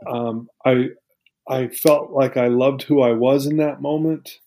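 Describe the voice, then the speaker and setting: A man's voice: medium pitch, fairly even intonation, a little slow, warm tone. A man as an interview guest, telling a personal story in an earnest, heartfelt, reflective way.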